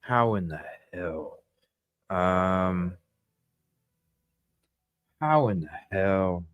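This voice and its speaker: A man's voice: deep voice, drawn-out words, clear, resonant tone, no echo, dull audio. A man hosting a live news stream, talking in agitated, indignant bursts that ramble with restarts.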